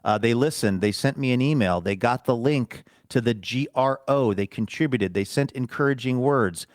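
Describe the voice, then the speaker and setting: Male podcast host, mid-pitched, dry close studio sound, rambly and self-deprecating. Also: moderate pace, no room sound. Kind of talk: casual chat.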